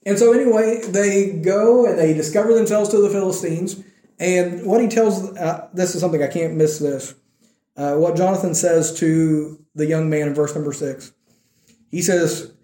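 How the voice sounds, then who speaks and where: A male preacher retelling a scripture story in a relaxed, conversational way, his voice pitched a little high but mellow in tone. He bursts into lively quoted lines as he tells it. The room around him is echoey. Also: normal speed. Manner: animated storytelling, acting out the quotes. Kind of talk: conversational sermon.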